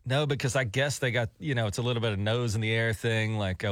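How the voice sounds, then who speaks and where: A man's voice: mid-range voice, fast talker, hardly any pauses, fairly bright tone, no room sound. Chatty male radio co-host, dry studio sound. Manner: chatty, laughs often. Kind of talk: morning radio banter. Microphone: studio microphone.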